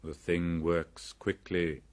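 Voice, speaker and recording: A man voicing Bagheera, a calm and worldly male panther, who speaks slowly and gravely. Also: low-pitched. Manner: slow, measured and grave.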